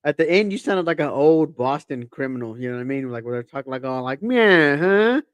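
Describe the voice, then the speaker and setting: A man co-hosting a casual combat sports podcast, giving confident predictions in a relaxed, slangy way. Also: medium pitch, fast talker, dry recording. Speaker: podcast co-host.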